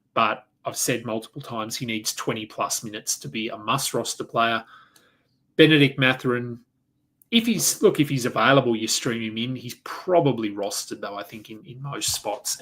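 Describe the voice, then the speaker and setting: A man hosting a solo fantasy sports podcast, running through advice in a conversational way, thinking aloud with fillers and quick self-corrections. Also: mid-range voice, fairly bright tone. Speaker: fantasy basketball podcast host.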